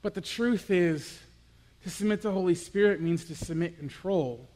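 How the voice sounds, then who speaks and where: A young man giving a personal, confessional sermon as a youth pastor, moving between quiet reflection and animated storytelling. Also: high voice, moderate pace, big-room sound.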